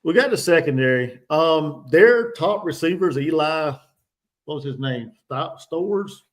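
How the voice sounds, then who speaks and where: Man, fairly high voice, halting host breaking down a football matchup. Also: expressive. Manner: hesitant, restarts a lot, full of ums. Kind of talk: casual sports chat.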